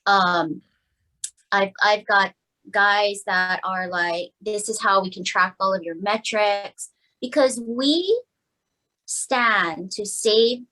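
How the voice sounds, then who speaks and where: A woman's voice: mid-range voice, slow pace, pushed and bright, rough recording. A woman pharmacist from Hawaii, a podcast guest, explaining her work with emphatic enthusiasm. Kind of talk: casual interview talk.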